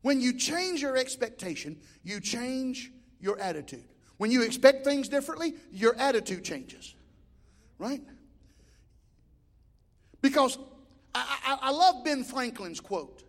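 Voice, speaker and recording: A middle-aged man preaching a sermon as pastor, swinging between shouted exhortation and quiet, chatty storytelling. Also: extremely high pitch, sing-song, measured pace, pauses often. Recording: long hall reverb.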